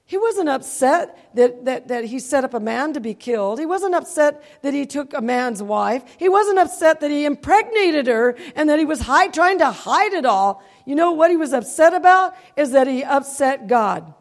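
High-voiced woman preaching in a reverberant hall. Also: lively intonation, normal speed, hardly any pauses. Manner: emotional, calls out "Amen?" to the crowd. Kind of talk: sermon.

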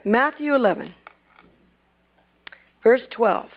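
A woman preaching a sermon, retelling Bible scenes and acting out their lines, swinging between loud bursts and hushed asides. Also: on the high side, big pitch swings, slow, vocal fry. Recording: dull lo-fi recording.

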